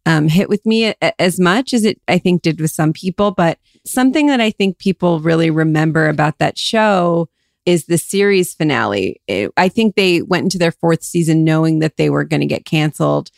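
A woman's voice: sits low, animated, normal speed, vocal fry, no echo, clean studio sound. A woman co-hosting a podcast, casually rambling through a retelling with lots of filler words. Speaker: podcast co-host. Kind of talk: casual chat.

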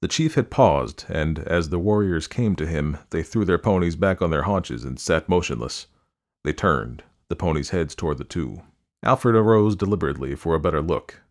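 A man narrating a story aloud, reading in a measured, descriptive way. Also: low voice, lively intonation.

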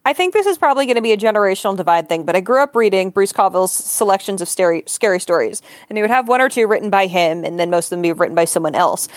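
A woman's voice: mid-range voice, expressive, very fast, hardly any pauses, dry recording. A woman co-hosting a podcast, recounting a story in a chatty, wry way. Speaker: podcast co-host. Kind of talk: casual chat, storytelling.

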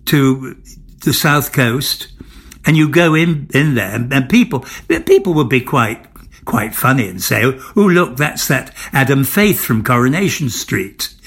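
An older former soap actor, appearing as an interview guest, swaps candid anecdotes in a mid-range voice with a breathy edge. He's theatrical and amused, often repeating and restarting his words.

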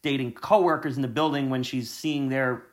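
A man's voice: medium pitch, fairly even intonation, normal speed. A man in casual conversation about a movie, talking in loose, rambling sentences with many restarts.

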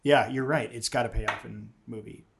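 A man's voice: medium pitch, fairly even intonation, fairly quick, vocal fry, background noise. A man co-hosting a casual fan podcast, laid-back and self-deprecating, often letting sentences trail off. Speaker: podcast co-host.

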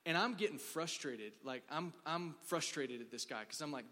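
Bright-voiced preacher in a reverberant hall. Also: male voice, on the high side, expressive, normal speed. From Dallas. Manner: casual, filler-heavy storytelling with acted quotes. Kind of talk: sermon with storytelling.

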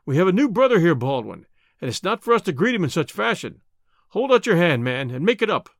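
A man voicing a huge, domineering lodge boss with a booming, bluff manner. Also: very animated, fairly quick, no room sound, studio quality. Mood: commanding.

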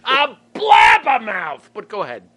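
A man's voice: high-pitched, huge pitch swings, unhurried, shouting, a crowd in the background, heavily acted. A man doing an impression of a blustering middle-aged male bus driver, bellowing in exasperation.

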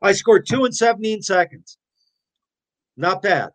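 A man in his sixties telling his stories as an interview guest, animated, blunt and profane. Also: high voice, unhurried. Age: 60s. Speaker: interview guest, former hockey player. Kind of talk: casual storytelling.

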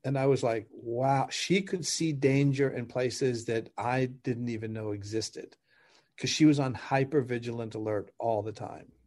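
A middle-aged man speaks as a podcast guest in an easy, conversational way, with a voice of ordinary middle pitch. He explains through stories, laughing now and then and acting out both sides of a conversation. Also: measured pace. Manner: animated, laughs while explaining, acts out dialogue. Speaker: podcast guest, relationship coach. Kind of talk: conversational storytelling.

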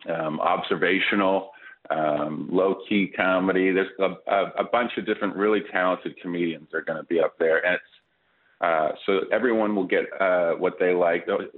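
A man, a comedian calling in early in the morning with a groggy voice, talking haltingly and with jokes. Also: deep voice. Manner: halting, self-interrupting, joking. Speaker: comedian guest. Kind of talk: casual phone interview. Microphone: telephone. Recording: tinny phone line.

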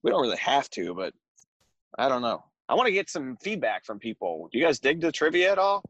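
A man's voice: medium pitch, sing-song, fairly quick, fairly bright tone, no echo, highs cut off. A man co-hosting a casual podcast with an American accent, joking and laughing often as he chats. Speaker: podcast co-host. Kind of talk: casual chat.

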